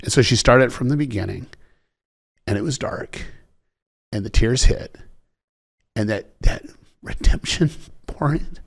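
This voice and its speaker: A man's voice: medium pitch, a little slow, creaky, long pauses, breathy edge. A man guest in an interview, telling a story with energy, acting out quoted voices and often repeating words. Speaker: executive producer guest.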